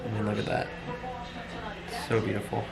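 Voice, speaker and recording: A man in a casual home vlog, relaxed and easygoing. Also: fairly low pitch, moderate pace, vocal fry, a loud crowd, poor audio. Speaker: vlogger, father.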